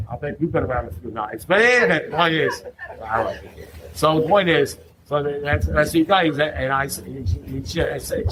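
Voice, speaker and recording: A man's voice: fairly high pitch, very noisy. Chatty man telling a story to a crowd. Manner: chatty, keeps asking "you know what I mean?"; acts out others' lines in a raised voice. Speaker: recovery meeting speaker. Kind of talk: humorous storytelling talk to a live audience.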